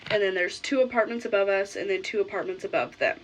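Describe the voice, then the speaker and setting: A woman's voice: medium pitch, quick pace, a little hiss or hum, poor audio. A young adult woman vlogger telling a personal story in a casual, blunt way, swearing freely.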